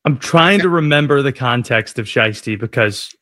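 A man's voice: mid-range voice, moderate pace, dry recording, clean studio sound. A man hosting a sports radio show, chatting casually and joking at his own expense. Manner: jokey, self-deprecating, animated.

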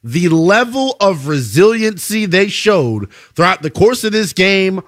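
A male sports radio host, animated and boastful, teasing his co-host and callers. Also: high-pitched, unhurried, no room sound, clean studio sound. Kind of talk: sports talk radio debate.

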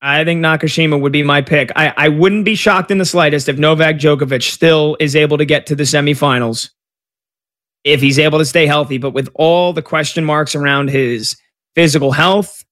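American guy, kinda high voice, casual sports betting chat, restarts a lot, quick asides. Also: fairly even intonation, a bit bright. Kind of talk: casual betting preview commentary.

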